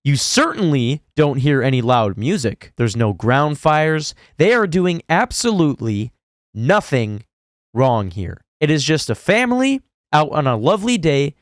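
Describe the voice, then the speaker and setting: Indignant male commentator, lively pitch. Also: measured pace, no echo, studio quality. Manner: indignant, sarcastic, swings into high exaggerated voices. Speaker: commentary YouTuber. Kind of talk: reaction commentary.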